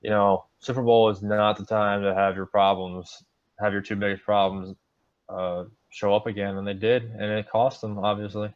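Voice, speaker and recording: A man's voice: on the low side, little pitch movement, moderate pace. A young man co-hosting a sports podcast, chatting casually, joking and rattling off stats. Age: young adult. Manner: rambling, jokey, quotes stats. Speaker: podcast co-host. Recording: dull lo-fi podcast audio.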